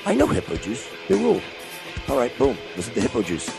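A man's voice: medium pitch, huge pitch swings, fast talker, gravelly. A male radio host reading an upbeat, joking show promo. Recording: music playing behind.

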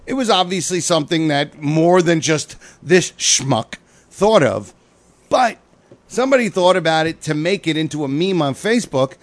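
A man, a comedian hosting a podcast, telling stories in a profane, animated way. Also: fairly high pitch, normal speed, dry recording. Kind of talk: casual chat.

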